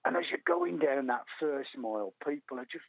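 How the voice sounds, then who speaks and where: A man's voice: mid-range voice, animated, moderate pace, vocal fry, slight background noise. An older man with a Black Country accent, phoning into a radio show and telling his story in an eager, rambling way. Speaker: guest runner. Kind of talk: phone-in radio chat. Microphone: telephone. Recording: tinny phone line.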